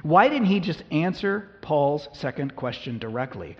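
A man's voice: high-pitched, sing-song, normal speed, hardly any pauses. A male pastor preaching a conversational sermon, acting out biblical dialogue with humor. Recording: reverberant hall, dull lo-fi sound.

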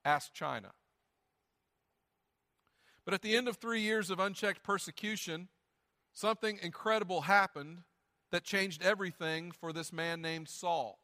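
A man's voice: high-pitched, measured pace, long pauses, pushed and bright, in a large hall. A man preaching a sermon as pastor, reading scripture aloud and adding conversational, joking asides. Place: church sanctuary.

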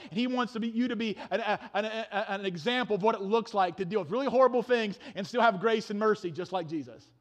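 A man with a high, light voice delivers a sermon as a pastor. He preaches with fervor, rising to near shouts and dropping to hushed, intense asides, often stumbling over repeated words before pushing on. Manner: passionate preaching, swings from loud to hushed; stammering restarts.

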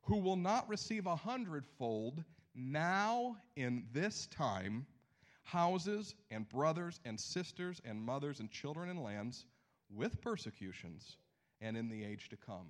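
A man preaching a sermon, animated, swinging between loud outbursts and hushed lines. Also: on the high side, slow pace. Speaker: pastor.

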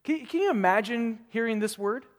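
A man preaching a sermon as pastor, animated, repeating phrases and acting out quotes. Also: very high voice, normal speed, long reverb tail.

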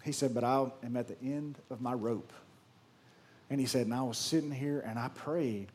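A man preaching a sermon, swinging from loud emphatic lines to hushed storytelling. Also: mid-range voice, normal speed, slight background noise. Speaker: pastor.

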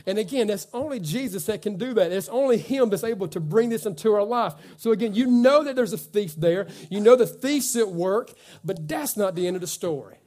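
High-voiced preacher guy in church, folksy, fired up then hushed for the verses. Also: animated. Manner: fervent preaching, swings from loud urging to hushed slow scripture reading; folksy, says "man" and "come on". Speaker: pastor. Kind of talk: sermon.

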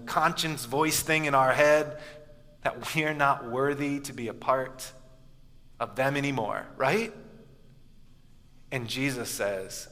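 Guy giving a sermon, bright forceful voice, goes quiet a lot, long echo like a big hall. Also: on the high side. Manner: storytelling, often dropping soft and quiet for emphasis. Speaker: pastor. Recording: echoey hall with long reverb.

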